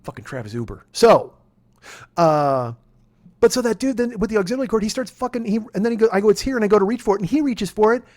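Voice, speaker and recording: A man's voice: sits high, lively intonation, fast talker. A man in his forties hosting a podcast, telling a rambling, profane story in casual storytelling. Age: 40s. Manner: profane, rambling, gets worked up and shouty. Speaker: podcast host.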